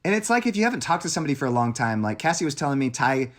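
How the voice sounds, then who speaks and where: A man's voice: on the high side, big pitch swings, very fast, a bit bright. A man co-hosting a casual movie review chat, easygoing as he retells scenes and quotes lines. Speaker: podcast co-host.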